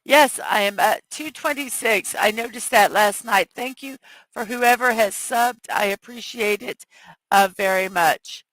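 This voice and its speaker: A woman with a scratchy, hoarse voice hosts a casual morning livestream, reading viewers' chat messages aloud and talking unhurriedly. Her tone is bright, and the sound is dry and close, picked up by a headphone mic. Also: fairly high pitch, measured pace, no echo. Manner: reads viewer chat aloud, chatty and apologetic. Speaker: morning show host.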